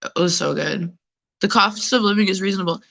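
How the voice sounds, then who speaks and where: A woman from New York City chatting casually as a caller, rambling and animated. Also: medium pitch, a little fast, creaky. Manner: rambling, animated, acts out other people's voices. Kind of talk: casual chat.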